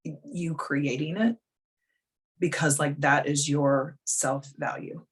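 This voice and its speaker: A woman's voice: low-pitched, fairly even intonation, takes it slowly, husky. A woman life coach hosting a live video coaching call, talking frankly and bluntly in a casual, chatty way.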